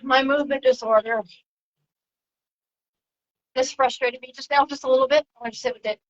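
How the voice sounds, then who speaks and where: Woman, spiritual livestream host, soft and drifting delivery, light high voice. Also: fairly even intonation, normal speed, highs cut off. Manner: soft, reflective, drifting between topics. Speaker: spiritual channeler broadcasting to viewers. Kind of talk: casual spiritual livestream talk.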